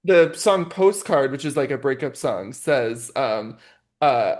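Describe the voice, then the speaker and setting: A woman's voice: rumbling low, expressive, slow, a little mellow. A woman co-hosting a podcast, blunt and gossipy, swearing freely. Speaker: podcast co-host. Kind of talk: casual chat.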